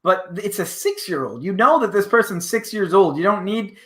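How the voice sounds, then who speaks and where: A man co-hosts a casual podcast. His voice is high and bright, and he answers calmly and agreeably. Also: normal speed. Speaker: podcast co-host.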